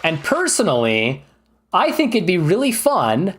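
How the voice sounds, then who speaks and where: A man's voice: sits high, wildly swooping pitch, measured pace, a bit bright, breathy edge. Chatty enthusiastic male game streamer. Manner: chatty and rambling, with many fillers. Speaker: streamer ranking games. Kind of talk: casual livestream commentary.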